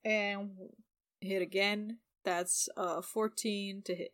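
A woman playing a tabletop role-playing game, calling out her rolls in a low-key way. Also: fairly even intonation, takes it slowly, fairly bright tone. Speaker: player.

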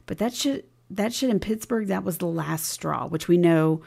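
A woman co-hosting a casual podcast, her voice sitting low with a gravelly, fried edge. Her tone is dark and mellow, and she retells scenes by acting out the dialogue with emphasis. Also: normal speed. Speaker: podcast co-host. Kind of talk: casual recap chat.

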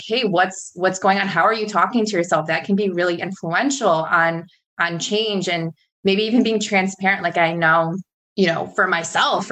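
A woman with a notably low voice speaks as a podcast guest. She explains her ideas thoughtfully and conversationally. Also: fairly bright tone. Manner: thoughtful, explanatory, cites research. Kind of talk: casual interview conversation.

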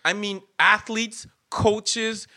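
A young man hosting a podcast, telling stories in a casual chat, animated and laughing as he acts out what people said. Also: high voice, takes it slowly. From Canada. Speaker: podcast host.

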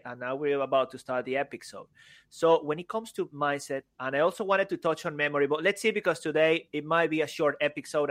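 A man's voice: fairly high pitch, fairly bright tone, dry recording. A man from Woking co-hosting a podcast in casual, playful chat, laughing easily and repeating his words. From Woking, England. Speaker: podcast co-host.

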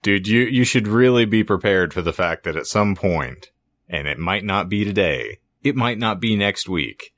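A man with a fairly low voice leads a casual podcast chat. His pitch moves around a lot as he makes crude jokes and keeps the banter going. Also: moderate pace. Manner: crude joking, animated. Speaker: podcast host.

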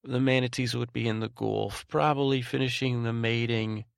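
Guy doing a sweet rambly dude, keeps repeating words and losing track, bit of fry, dry close sound. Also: mid-range voice, fairly even intonation, normal speed, no room sound, lightly acted. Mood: tender. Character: rambling, tenderhearted adult man named Ray. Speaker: podcast host in character. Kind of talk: rambling bedtime monologue.

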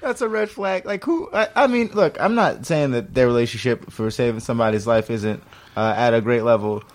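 A man's voice: medium pitch, lively intonation. A man co-hosting a casual podcast, chiming in with wry comments and reactions. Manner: wry asides and quick reactions, laughing often. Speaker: podcast co-host. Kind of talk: casual chat.

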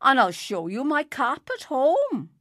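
A woman's voice: on the high side, animated, a little slow, fairly bright tone, no echo, studio quality, voice pushed up. A woman voicing a boastful, touchy old man who insists on his claims. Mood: insistent. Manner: insistent, bragging.

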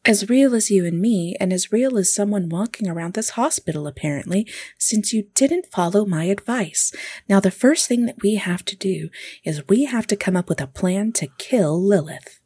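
A woman's voice: mid-range voice, lively intonation, moderate pace, dark tone, slightly rough, dry recording. A woman playing a dramatic, eccentric actress who is obsessed with vampires and speaks in a theatrical, stammering rush. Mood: insistent.

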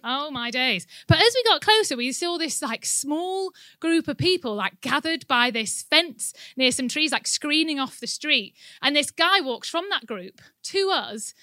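Bright-voiced woman telling a story. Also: sits high, unhurried, few pauses, dry recording. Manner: animated anecdotal, laughing often. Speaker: church speaker. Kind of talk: sermon with personal storytelling. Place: indoor room with an audience.

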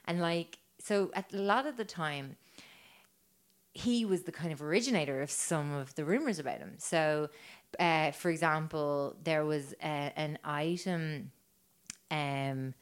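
A woman's voice: low-pitched, measured pace, clear, resonant tone. A woman, hosting a podcast and telling a story in casual, chatty talk full of fillers and swearing. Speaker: podcast host.

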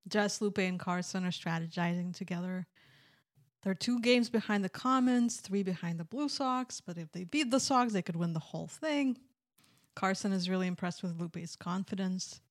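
A woman's voice: mid-range voice, normal speed. A woman co-hosting a podcast, steadily narrating a summary of a TV episode. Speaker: podcast co-host.

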